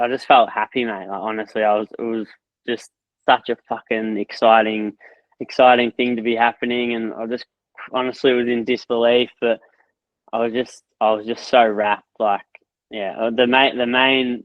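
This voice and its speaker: A man in a casual chat, gushing with excitement and swearing freely. His voice stays flat in pitch and sits fairly close to the mic. The sound is dry and a bit muffled, as if the recording has been dulled. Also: no echo. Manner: excitable, swears a lot, repeats and restarts. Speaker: guest, course creator.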